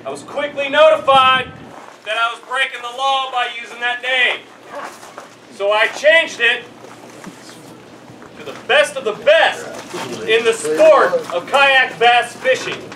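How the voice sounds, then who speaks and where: A man's voice: very high-pitched, measured pace, long pauses, bright, forceful tone, echoey room, a little hiss or hum. A man announcing tournament results outdoors in a joking, hyped-up way. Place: outdoors at a lakeside awards gathering. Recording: distant mic, music and crowd behind.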